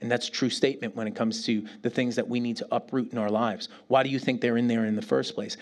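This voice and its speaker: A middle-aged pastor preaching a sermon, telling stories with animated bursts and falling to a near whisper when he prays. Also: medium pitch, a little fast, hardly any pauses. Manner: animated storytelling, dropping to a near whisper in prayer.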